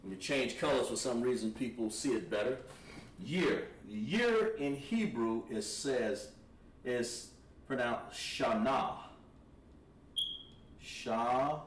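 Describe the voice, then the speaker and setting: A man teaching a language class, thinking aloud and pausing while he writes on a board. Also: mid-range voice, animated. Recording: echoey room, mic at a distance, faint noise.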